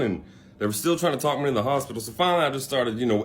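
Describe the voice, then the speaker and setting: A man's voice: medium pitch, animated, fast talker. A young man casually telling a personal story to the camera, rambling with many fillers and asides. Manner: rambling, laid-back, lots of fillers and asides.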